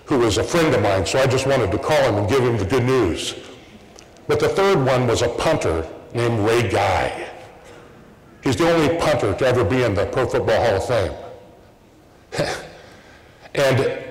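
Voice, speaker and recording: A middle-aged man giving a commencement speech at a podium, telling stories in a folksy way with repeated starts. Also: medium pitch. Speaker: commencement speaker. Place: large hall at a graduation ceremony. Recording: echoey hall with long reverb.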